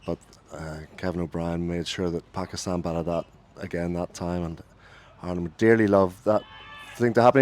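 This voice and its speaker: A deep-voiced man calls cricket ball by ball on the radio from a commentary booth. His delivery turns lively on big shots, and he puts his own slips right as he talks. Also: normal speed, few pauses. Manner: lively ball-by-ball calling, corrects himself.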